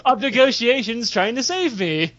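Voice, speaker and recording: A young man telling a rambling, excitable story on a podcast, swearing a lot and acting out the voices. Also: extremely high pitch, normal speed, dull audio. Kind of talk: casual storytelling chat.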